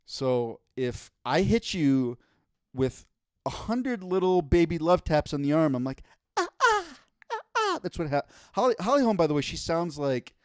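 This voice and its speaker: Podcast co-host, male, fed-up profane rant, slightly higher voice, dry studio sound. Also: lively intonation, moderate pace, darkish tone, clear, resonant tone, no echo. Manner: exasperated, profane ranting.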